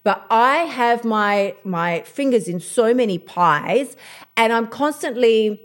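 A woman's voice: on the high side, lively intonation, takes it slowly. A woman hosting a motivational podcast, blunt and fired up, swearing freely as she talks about her routine. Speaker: podcast host.

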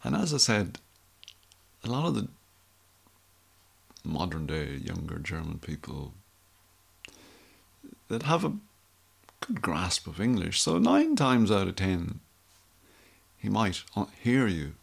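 A man's voice: deep voice, creaky, slightly rough. A middle-aged Irish man telling a rambling, wry story in a casual monologue. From Ireland. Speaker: vlogger.

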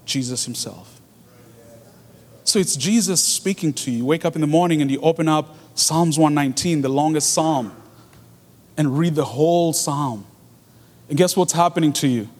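A man's voice: on the high side, moderate pace, long pauses, a little mellow. A man preaching a sermon in an earnest way, repeating his key phrases for emphasis. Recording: long hall reverb.

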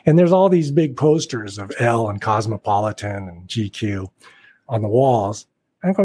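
Husky man telling animated stories. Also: on the low side, normal speed, no echo. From Portland, Oregon. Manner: animated anecdotes, acts out quoted voices. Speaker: actor, guest. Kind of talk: casual storytelling interview.

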